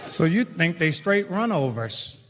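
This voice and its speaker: A man doing stand-up comedy, telling a story in an animated, profane way and acting out the people in it. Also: fairly high pitch, a little slow, noisy background. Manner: animated, profane, acts out the people in his stories. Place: stage in a large venue with a live audience. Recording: live hall reverb and a loud laughing crowd.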